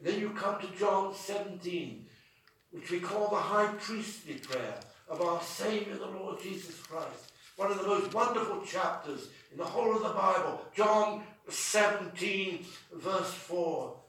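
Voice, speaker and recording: A man's voice: high-pitched, a little slow, fairly bright tone, slight background noise. A man preaching a sermon in a chapel, fervent and drawn out in his emphasis. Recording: echoey chapel from far off.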